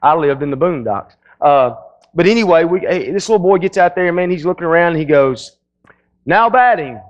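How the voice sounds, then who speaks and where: A man's voice: fairly high pitch, brisk, dull audio. A male pastor preaching a sermon in a folksy storytelling way, often restarting his sentences.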